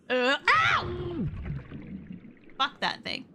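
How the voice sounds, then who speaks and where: A young woman streaming a game, chatting to herself and yelling and swearing at the creatures on screen. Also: high-pitched, slow, pauses often, a little hiss or hum. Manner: expressive, swears and yells at the game. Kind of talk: casual gameplay commentary.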